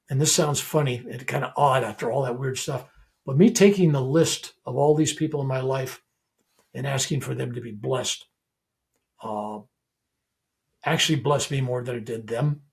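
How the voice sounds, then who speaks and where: An older man, a reverend, telling a personal story as a podcast guest. He is animated and acts out the dialogue as he goes. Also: mid-range voice, normal speed, vocal fry.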